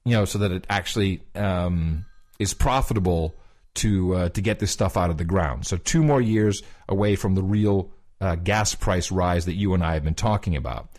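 Low-voiced man, rambling storyteller. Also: normal speed. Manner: animated retelling, quoting others, many fillers and restarts. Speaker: podcast co-host. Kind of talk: casual conversational storytelling.

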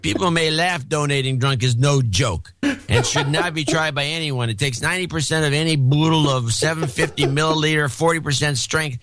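A man's voice: on the high side, a little fast, a bit bright, slight background noise, pitched above the performer's own voice, natural voice. A man reading like a rambling drunk guy. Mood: tipsy rambling. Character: tipsy adult male listener rambling through his note.

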